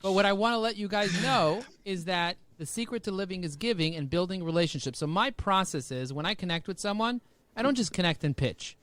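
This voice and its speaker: A man talking as a podcast guest over a video call, high-energy and jokey, full of rhyming catchphrases. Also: animated, a little fast, fairly bright tone. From United States.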